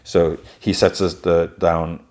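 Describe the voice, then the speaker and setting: A man's voice: deep voice, little pitch movement, slow, a little mellow. A man hosting a podcast, casually retelling a show's episode scene by scene in a rambling way. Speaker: podcast host.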